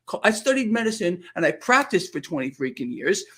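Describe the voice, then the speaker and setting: A man's voice: sits high, big pitch swings, brisk, hardly any pauses, fairly bright tone, breathy edge. A man speaking as a guest in an impassioned, emphatic way. He gets worked up and repeats words as he pushes his points. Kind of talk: impassioned casual talk.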